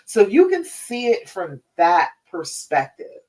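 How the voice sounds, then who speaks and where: A woman hosts a live stream as a relationship coach, speaking in an easygoing, chatty way. She keeps checking in with her listeners with a quick "all right?" Her voice sits a little back from the microphone. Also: mid-range voice, wildly swooping pitch, warm tone, distant mic, rough recording.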